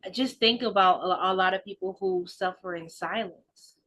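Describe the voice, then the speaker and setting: A woman hosting an interview, affirming her guest and asking gentle questions. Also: mid-range voice, moderate pace. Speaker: podcast host. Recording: dull lo-fi audio.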